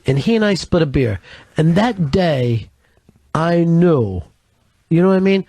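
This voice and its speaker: A man telling a dark comic story in a deadpan, profane way. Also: fairly high pitch, moderate pace. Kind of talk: comedic storytelling.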